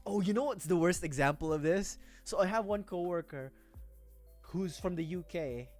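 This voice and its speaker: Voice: medium pitch, normal speed, darkish tone, soft background music. A streamer from the Philippines chatting casually on a livestream, rambling, self-mocking and laughing often.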